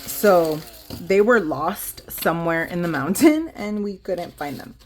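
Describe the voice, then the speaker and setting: This female budgeting vlogger in her 30s has a lowish, expressive voice and a measured pace, with slight background noise. She rambles in a chatty, casual vlog, addressing viewers directly as she counts cash into envelopes.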